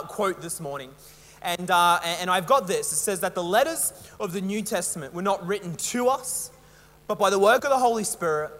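A young Australian pastor with a high, slightly bright voice delivers a casual storytelling sermon, heard with a long reverb tail. He's chatty, rambling and self-mocking, and fills his speech with fillers.

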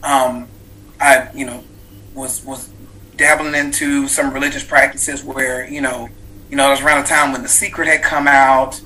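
A man in his thirties recounts a life-changing personal story as an interview guest. His voice sounds bright and forward. He talks earnestly and reflectively, full of fillers and restarts. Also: mid-range voice, flat delivery, moderate pace, a little hiss or hum, low-quality recording. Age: 30s. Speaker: guest, author.

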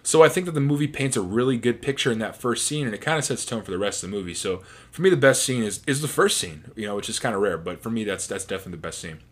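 A man's voice: on the low side, very fast. Chatty man rambling about a movie. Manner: rambling and chatty, with restarts and playful profanity. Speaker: movie reviewer. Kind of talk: casual commentary.

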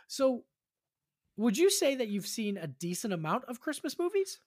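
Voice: mid-range voice, very animated, normal speed, darkish tone. A podcast host running a casual quiz with friends over a video call, chatty and full of fillers and restarts.

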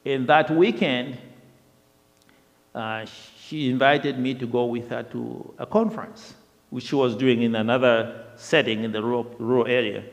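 A man telling a personal testimony in a lively storytelling way, often repeating himself, with the long reverb of a large hall. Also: mid-range voice, moderate pace. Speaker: speaker sharing a testimony.

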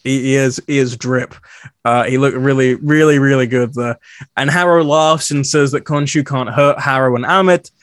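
A man's voice: medium pitch, steady tone, moderate pace, dry recording, studio quality. A man co-hosting a podcast, casually recapping an episode in a frank, opinionated way.

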